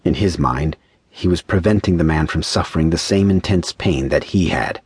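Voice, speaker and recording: A man narrating a short-story audiobook in a measured, even storytelling manner on a close studio mic. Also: rumbling low, slightly rough, dry recording. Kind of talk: scripted narration.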